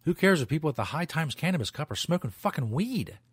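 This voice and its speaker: A man's voice: fairly high pitch, sing-song, fast, slightly rough, no echo. A man hosting a talk radio show, rambling loosely and swearing as he comments. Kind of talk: casual talk radio monologue.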